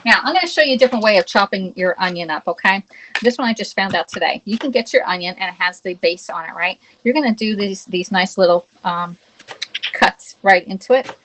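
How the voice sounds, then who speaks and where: A woman's voice: mid-range voice, a little fast, a bit bright, slight background noise, poor audio. A woman hosting a live cooking demo from her home kitchen, chatting to viewers, reading their comments and checking in with "okay?" as she works. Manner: greets viewers and reads chat aloud. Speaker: cooking livestream host.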